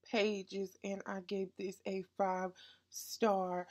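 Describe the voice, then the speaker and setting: Woman vlogger with a stuffy nose, unhurried and chatty, gushing book reviewer. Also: medium pitch, level tone, darkish tone. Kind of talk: casual book review vlog.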